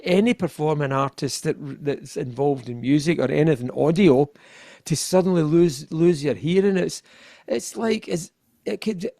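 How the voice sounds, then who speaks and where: A Scottish man speaks with a slightly raised, gravelly voice. He rambles in relaxed interview chat and keeps circling back to restart his thoughts. The recording is dry and close. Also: on the high side, no echo. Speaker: guest, keyboardist.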